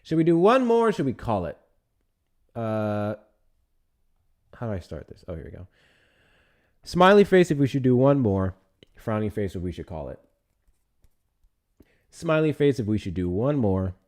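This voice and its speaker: A man's voice: on the low side, darkish tone. A profane, teasing man hosting a livestream. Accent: Texan. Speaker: livestream host. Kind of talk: casual livestream talk.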